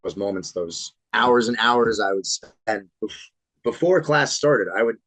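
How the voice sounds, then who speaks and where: A man's voice: lowish voice, no room sound, low-quality recording. Man in his thirties telling stories. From Florida. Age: 30s. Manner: animated storyteller, swears freely. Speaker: pro wrestler guest. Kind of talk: casual podcast interview storytelling.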